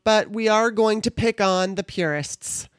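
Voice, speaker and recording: A woman's voice: mid-range voice, measured pace, clear, resonant tone, no room sound, studio quality. A woman hosting her own podcast, talking casually in a chatty, irreverent way and swearing now and then. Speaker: podcast host. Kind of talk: casual monologue.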